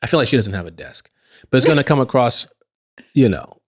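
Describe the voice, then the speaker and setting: A man's voice: medium pitch, lively intonation, a little fast. Man, podcast co-host, casual chat, loose storytelling, mid-range voice. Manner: storytelling with laughs and restarts.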